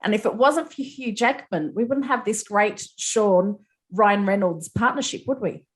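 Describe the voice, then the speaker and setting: A woman interviewing a film director, effusive and quick to laugh. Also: mid-range voice. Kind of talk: entertainment interview.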